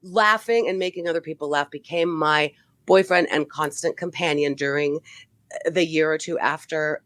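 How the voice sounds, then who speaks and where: A middle-aged woman comedian talks in a lowish voice, spinning animated stories on a podcast. She swears freely and laughs easily. The sound is dry and close to the mic. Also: moderate pace, dry recording. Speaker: guest comedian. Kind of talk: casual podcast chat.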